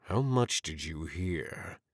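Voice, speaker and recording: A man's voice: rumbling low, lively intonation, takes it slowly, dry recording, clean studio sound, voice pushed down, full character voice. A man voicing a cold, threatening, power-hungry lord in an audiobook. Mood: menacing. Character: scheming older lord, menacing and power-hungry.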